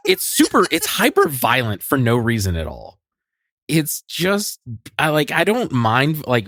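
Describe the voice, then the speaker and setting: A man co-hosts a podcast, ranting cynically and laughing through casual chat. His pitch swings widely, and the recording is dry with no room sound. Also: fairly bright tone, no room sound. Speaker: podcast co-host.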